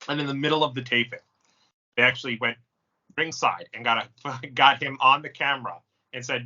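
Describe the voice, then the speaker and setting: Animated storytelling man, bright lo-fi voice. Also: medium pitch, normal speed. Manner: animated storyteller, laughs often, acts out quoted lines. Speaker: podcast host. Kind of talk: casual chat. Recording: dull lo-fi sound.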